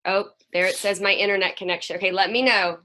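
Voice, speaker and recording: A woman's voice: mid-range voice, fairly even intonation, quick pace, pushed and bright. A middle-aged woman counselor and play therapist speaking to a moms' group over a video call, chatty and folksy, sometimes acting out children's voices.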